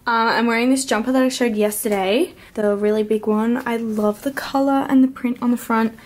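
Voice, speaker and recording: A woman's voice: fairly high pitch, steady tone, moderate pace, a little mellow. A young woman in a casual haul vlog, talking to camera at home with a bubbly, gushing, chatty manner. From Australia. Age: young adult. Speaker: vlogger.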